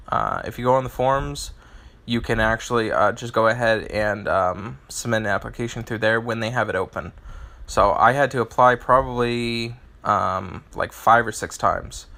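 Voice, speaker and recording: Man, game streamer, live chat commentary, bright voice, rambling, restarts phrases. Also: medium pitch.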